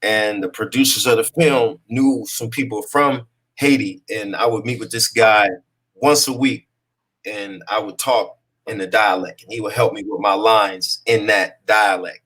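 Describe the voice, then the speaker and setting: Here the actor's voice sits lower: steady, a bit slow, husky yet fairly bright. As an easygoing interview guest he frequently checks that his listener is following, sprinkling in "you know what I'm saying."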